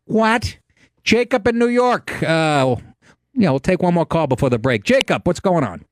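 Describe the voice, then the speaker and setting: A man's voice: a little high, lively intonation, moderate pace, dry recording, clean studio sound. A man hosting a call-in radio show, blunt and crude, laughing often between jokes.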